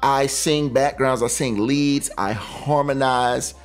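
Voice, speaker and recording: A man who plays the talk box, a guest explaining it in casual, enthusiastic talk with relaxed slang. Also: mid-range voice, takes it slowly, faint music behind.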